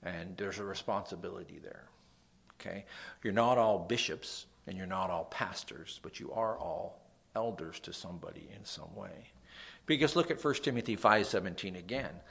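A young man with a nasal voice, a pastor preaching a sermon, dropping to soft asides and rising to loud emphasis. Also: on the low side, expressive, normal speed, gravelly, slightly rough.

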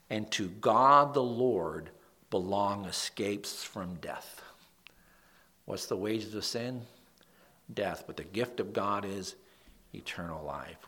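A man preaching a sermon as pastor, emphatic, swinging from soft breathy asides to loud declaimed scripture. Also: fairly low pitch.

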